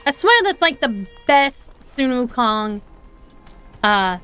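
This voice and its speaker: A woman's voice: a little high, very animated, takes it slowly, fairly bright tone, smooth. A young woman with an Appalachian accent, chatting casually and rambling while streaming a game, laughing often. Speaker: VTuber streamer.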